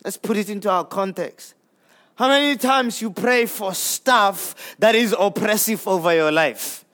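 A man preaching a sermon in a conversational way, repeating words as he goes, swinging between emphatic highs and hushed, low lines. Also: unhurried. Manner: repeats words while gathering thoughts.

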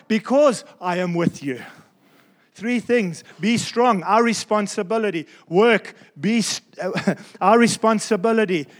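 A pastor delivers a sermon with emphasis, repeating key phrases and slowing down to drive his points home. His voice sits high.

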